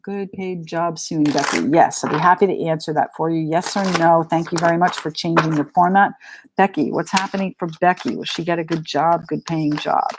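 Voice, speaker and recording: A woman's voice: deep voice, fairly even intonation, a little fast, background noise. A middle-aged woman with a New England accent giving a live tarot reading in a chatty, frank and joking way. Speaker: tarot reader.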